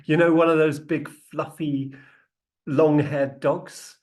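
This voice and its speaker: A man training people in sales negotiation, telling an anecdote in a lively, animated way, laughing often and restarting his sentences. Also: on the high side, very slow. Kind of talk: lively anecdote with acted quotes.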